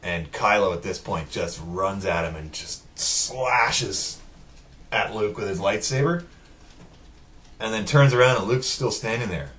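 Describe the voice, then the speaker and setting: This man recaps a film scene by scene in a casual, profane spoiler rundown, performing the characters' dialogue as he goes. He's a film reviewer with a lowish voice and an unhurried pace, recorded on a distant mic.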